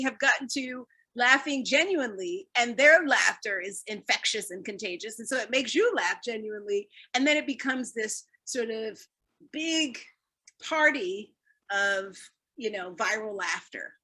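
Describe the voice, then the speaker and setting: A woman presenter with a high, bright voice leads a wellness workshop. She talks in an upbeat, encouraging way and breaks into laughter often. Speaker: fitness speaker leading a wellness talk. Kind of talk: live online wellness workshop.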